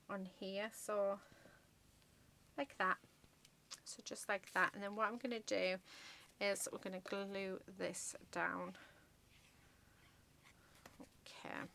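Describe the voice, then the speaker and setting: A woman's voice: medium pitch, vocal fry, noisy background. A woman chatting casually through a card-making tutorial, gushing over her work with many ums and murmured asides. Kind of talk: casual crafting tutorial chat.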